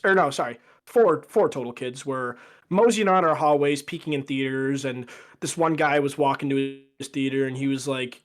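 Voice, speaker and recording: A young man as a podcast guest, telling a rambling story in casual chat with lots of fillers. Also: a little high. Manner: rambling anecdote with fillers and acted quotes.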